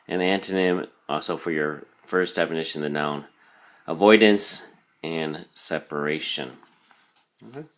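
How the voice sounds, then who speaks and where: A man's voice: lowish voice, a bit bright. A man teaching a recorded vocabulary lesson, explaining patiently with frequent ums and "okay?" check-ins.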